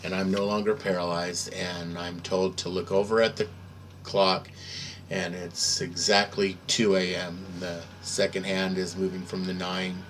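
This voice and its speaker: A man telling an earnest first-person story, hesitant, with pauses and filler sounds. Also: lowish voice, fairly bright tone, a little hiss or hum. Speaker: testimony speaker.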